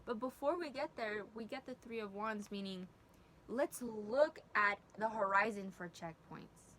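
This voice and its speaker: Young female tarot reader, heartfelt and rambling, medium pitch. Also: unhurried, fairly bright tone, a little hiss or hum. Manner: emotional, earnest, rambling with restarts. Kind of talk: tarot reading video.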